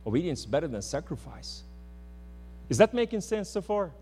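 A man's voice: on the high side, big pitch swings, a little fast, slight background noise. Man preaching in a reverberant hall. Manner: impassioned, swings between loud and hushed. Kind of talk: sermon. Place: church.

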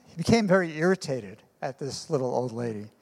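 A man preaching a sermon as a pastor, telling stories, pausing often, and using fillers. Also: medium pitch, animated, gravelly, darkish tone. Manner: storytelling with pauses and fillers. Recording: long hall reverb.

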